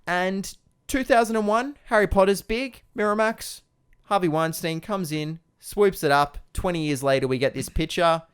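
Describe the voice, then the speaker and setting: A man's voice: high voice, moderate pace, smooth. A man co-hosting a casual film review podcast, trading dry, sarcastic quips. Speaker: podcast co-host.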